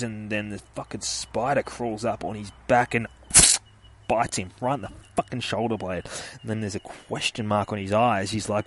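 A man's voice: mid-range voice, normal speed. A man retelling a comic story in casual, profanity-heavy speech, acting out the scenes. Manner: swears constantly, animated retelling with voices.

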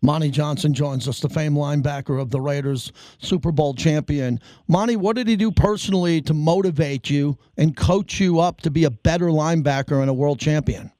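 A man's voice: on the high side, brisk, few pauses, mellow, dry recording. A man hosting an interview, introducing his guest and asking direct questions. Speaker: host.

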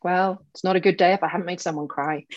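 A woman's voice: lowish voice, steady tone, fast talker, a little mellow, highs cut off. A woman coach on a group call, talking with fiery passion and swearing freely as she pushes a client on. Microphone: video call.

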